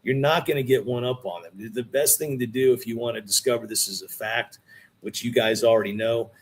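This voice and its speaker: A middle-aged man talking as a podcast guest, spinning a long story in a loose, animated way at an ordinary pitch. He drops in a "dude" here and there and keeps it conversational rather than polished. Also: fairly quick. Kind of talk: casual storytelling.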